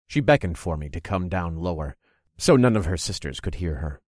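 A man narrating a story in the first person with a measured, dramatic delivery. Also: low-pitched, animated, a little mellow, no room sound, clean studio sound.

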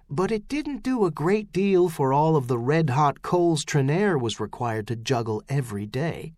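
A man narrating an audiobook with measured, expressive storytelling. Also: a little high, no room sound, clean studio sound. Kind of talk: scripted narration.

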